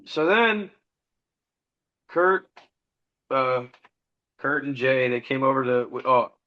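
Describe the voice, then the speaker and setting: A man's voice: medium pitch, lively intonation, slow, lo-fi sound. A middle-aged man telling a rambling, profane story about his band and acting out the dialogue in a casual podcast interview. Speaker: podcast guest, musician.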